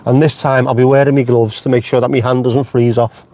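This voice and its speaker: A middle-aged vlogger hosts a casual live stream from his car, chatting, joking, swearing freely and drifting off on tangents. His voice is medium-pitched and mellow, with little pitch movement and a slightly fast pace.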